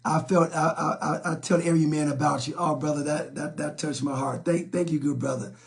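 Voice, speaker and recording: A middle-aged man, hosting a live relationship talk stream. His voice is fairly high for a man, with a gravelly rasp. He speaks bluntly and preaches, often repeating words and stumbling over them. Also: fairly even intonation, fairly quick. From South Side of Chicago, USA. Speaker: relationship talk show host. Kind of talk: live-stream talk, reading and answering viewer comments.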